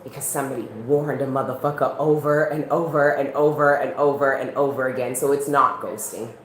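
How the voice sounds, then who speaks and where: A woman's voice: a bass voice, fairly even intonation, brisk. A woman doing a casual tarot reading, talking bluntly with plenty of swearing and frequent laughs. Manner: blunt, profane, laughs often. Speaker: tarot reader. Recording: roomy echo, faint background noise.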